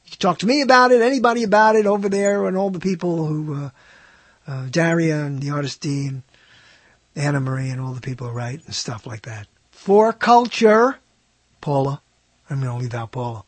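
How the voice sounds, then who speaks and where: High husky-voiced rambling radio host. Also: male voice, fairly even intonation, fairly quick, no room sound. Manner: digressive, self-mocking, puts on silly voices. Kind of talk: rambling solo radio talk.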